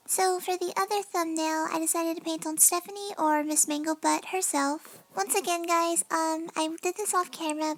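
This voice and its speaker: A young woman in a casual, chatty voice-over, narrating her nail art at home and often apologizing between fillers. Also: extremely high pitch. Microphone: desk mic.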